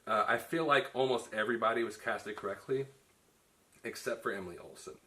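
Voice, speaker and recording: Bright-voiced man reviewing a film. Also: lowish voice, brisk. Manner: chatty, many restarts and "you know". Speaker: film reviewer, show host. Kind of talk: casual review chat.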